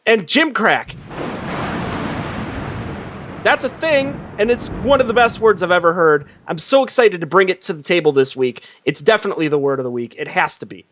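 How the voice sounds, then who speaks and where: High-pitched man, comedy podcast host, loose joking, dull lo-fi sound. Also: expressive, brisk, few pauses, a bit bright, slight background noise. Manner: loose, laughing, swearing.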